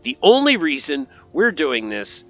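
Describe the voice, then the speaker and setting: A man's voice: fairly high pitch, huge pitch swings, unhurried, a bit bright, lo-fi sound, faint music behind. A man giving casual, joking commentary over gameplay and talking back to game characters. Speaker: gaming video host.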